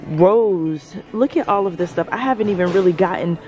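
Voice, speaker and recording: A woman's voice: fairly low pitch, normal speed. A woman vlogging as she browses a large store, gushing over products and talking to her viewers. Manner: gushing, excitable, addresses viewers as y'all. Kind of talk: shopping vlog narration.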